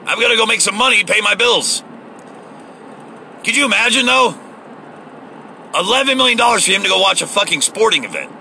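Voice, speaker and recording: A man's voice: high-pitched, animated, a little fast, creaky, long pauses, sharp tone, a little hiss or hum, low-quality recording. A man giving a heated, profane, sarcastic political rant, recorded in a car. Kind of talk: ranting political monologue.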